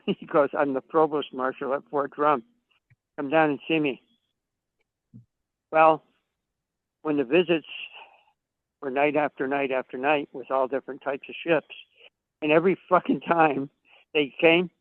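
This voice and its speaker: A podcast guest with a fairly high male voice spins long, profane stories in a casual chat, voicing the other people's lines himself. The line sounds tinny and phone-like, completely dry with no echo.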